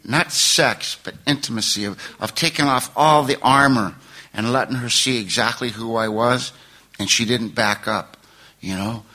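A man's voice: medium pitch, moderate pace, sharp tone. An older man sharing his life story at a recovery meeting, rambling and emotional, laughing through painful memories. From California.

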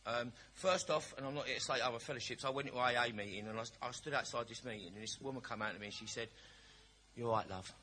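Male, candid recovery-meeting speaker, bright tense voice, storyteller with humour. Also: mid-range voice, racing, hardly any pauses. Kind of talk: personal testimony at a recovery meeting.

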